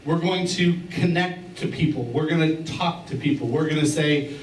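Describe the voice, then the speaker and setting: A man's voice: fairly high pitch, normal speed, a little hiss or hum. A middle-aged man preaching a sermon as a pastor, in a conversational, joking way, repeating key phrases. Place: church sanctuary. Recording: roomy church sound from a distance.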